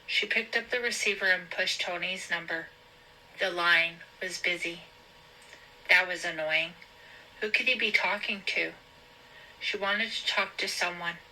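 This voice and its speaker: A woman hosting a show, reading a thriller novel aloud in a slow, deliberate storybook style. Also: lowish voice, bright, forceful tone, slight background noise, poor audio.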